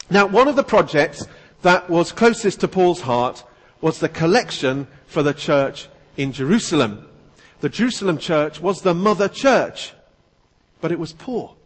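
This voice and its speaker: A male preacher giving a relaxed, joking sermon to his church. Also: medium pitch. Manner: conversational, jokey. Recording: long church reverb.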